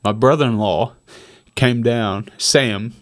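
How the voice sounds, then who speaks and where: A man, maybe in his thirties, recounts a personal ordeal in relaxed conversation. His voice sits at an ordinary pitch. He curses freely and circles back over his words. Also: slow. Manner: emotional storytelling, profane, repeats himself. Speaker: guest. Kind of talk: casual conversation.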